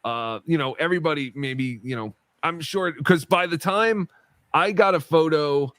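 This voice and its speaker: A man's voice: a little high, normal speed, fairly bright tone, no room sound. Rambling man chatting on a podcast. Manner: rambling, lots of fillers and asides. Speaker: podcast co-host. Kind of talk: casual chat.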